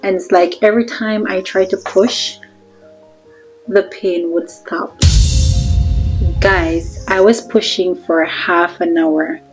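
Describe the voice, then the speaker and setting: A woman's voice: fairly low pitch, steady tone, slow, pauses often, soft background music, rough recording. A young Jamaican woman narrating a storytime vlog in a chatty way, talking straight to her viewers. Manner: chatty, addresses viewers directly. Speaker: vlogger.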